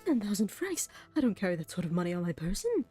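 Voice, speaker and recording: A woman's voice: medium pitch, big pitch swings, quick pace, dark tone, breathy edge, soft background music. A woman voicing a flustered, pompous older male king, nervous and fluttery, in game voice acting.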